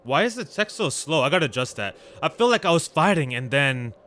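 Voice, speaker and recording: A man hosting a gameplay video, chatting casually and excitedly with viewers in slangy talk while he plays, with faint game music behind him. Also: a little high, brisk, a little hiss or hum. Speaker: gaming channel host. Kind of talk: casual let's-play commentary.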